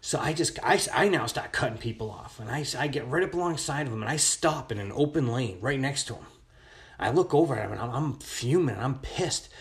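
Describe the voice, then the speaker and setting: A man's voice: mid-range voice, animated, fairly quick. A man telling a long personal story in a casual voice message, rambling with many restarts.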